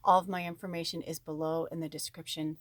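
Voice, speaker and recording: A woman giving a casual spiritual card reading, chatty and rambling with frequent ums, warm and encouraging toward her viewers. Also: low-pitched, little pitch movement, fast talker, no room sound.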